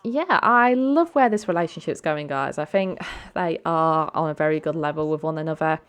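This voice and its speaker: A woman's voice: low voice, normal speed, clean tone. A woman chatting casually over a life-sim game she is playing, with lots of ums and a chatty manner. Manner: chatty, filler-heavy. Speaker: let's play host. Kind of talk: casual gameplay commentary.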